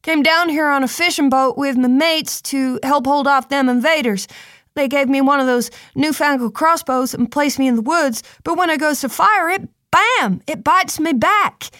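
A scrappy young boy from a fishing crew, pitched well up and talking fast and cheekily, as a woman reading a storybook puts him on. He rattles on, chatty and eager, in a dry, close audiobook sound. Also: fairly bright tone, dry recording. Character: boy Tristo, scrappy young fisher lad. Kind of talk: audiobook character voice.

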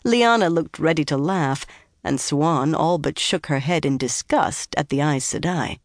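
An audiobook narrator reading a fantasy novel in a measured, even way. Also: mid-range voice, no room sound, studio quality.

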